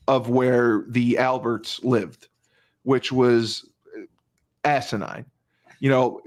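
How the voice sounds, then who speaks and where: A male podcast host retelling a crime case in casual talk, emphatic, repeating phrases and restarting often. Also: medium pitch.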